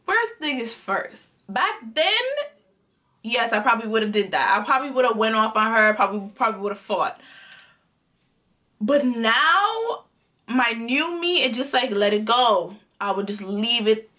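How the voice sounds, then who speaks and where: A young Jamaican woman with a Jamaican accent, telling a personal story casually to her vlog audience, animated and full of swearing. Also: a little high, normal speed. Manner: animated, profane, acts out quotes. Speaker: storytime vlogger.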